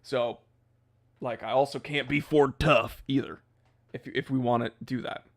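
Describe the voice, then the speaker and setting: A man's voice: medium pitch, steady tone, unhurried, gravelly. Rambling male livestream host. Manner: rambling, loose, laughs at his own jokes. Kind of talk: casual livestream chat.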